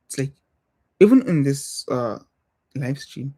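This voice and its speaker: A young man with a non-American English accent, talking on a livestream in a reflective, hesitant way, pausing and restarting often. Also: medium pitch, lively intonation, dark tone, slightly rough. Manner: thoughtful, hesitant, many pauses and restarts. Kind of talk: casual reflective livestream talk.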